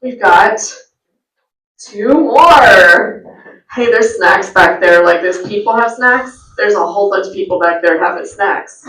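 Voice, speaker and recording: A woman's voice: medium pitch, expressive, a little slow, sharp tone. A woman emceeing a live comedy event, giving loose, chatty introductions. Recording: roomy venue sound from a distant mic.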